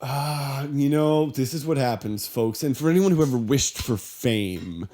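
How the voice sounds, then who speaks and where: A man's voice: mid-range voice, a little slow, mellow. A man hosting a satirical radio show in a stiff, earnest, prim persona, speaking in a studio. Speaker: satirical radio host in character. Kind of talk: deadpan comedic talk-show bit.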